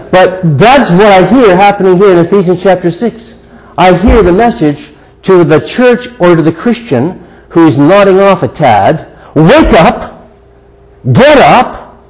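In a church sanctuary, an older man delivers a sermon before his congregation, keeping it conversational and earnest and repeating rhetorical questions. He has a high-pitched, darkish voice, and the audio is poor.

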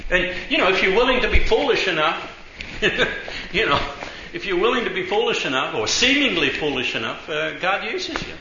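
A man's voice: high voice, big pitch swings, moderate pace, echoey room, muffled recording, noisy background. A man preaching a sermon, telling a story in a chatty way, full of asides, and acting out the voices in it.

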